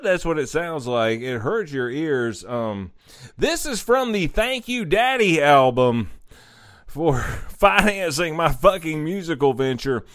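A man hosting a radio music show, mocking listener-sent songs with crude, sarcastic jokes and loud outbursts. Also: a little high, animated, takes it slowly, no echo, studio quality. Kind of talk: comedic music review rant.

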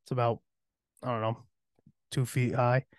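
A man's voice: mid-range voice, level tone, moderate pace, no room sound, studio quality. A young man hosting a podcast, telling a rambling, profanity-laced story from his teen years and laughing along. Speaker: podcast host. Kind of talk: casual storytelling.

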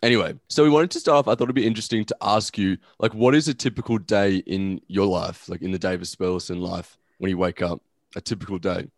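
A man's voice: low voice, fairly even intonation, fast talker, no room sound. A young man co-hosting a podcast, introducing guests and dropping dry joking asides. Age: young adult. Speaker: podcast co-host. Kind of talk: casual chat.

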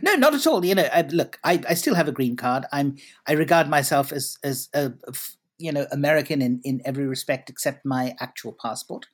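A middle-aged man from Britain, a journalist being interviewed, telling stories in a wry, unhurried way with frequent restarts and fillers. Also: on the high side, expressive. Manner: anecdotal, hesitant with restarts, wry. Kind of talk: conversational interview.

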